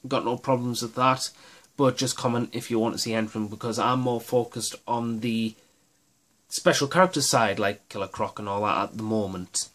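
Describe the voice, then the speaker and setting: A man's voice: medium pitch, normal speed, fairly bright tone. A man hosting his own miniatures gaming channel, talking through tactics in a casual, rambling and enthusiastic way with many restarts.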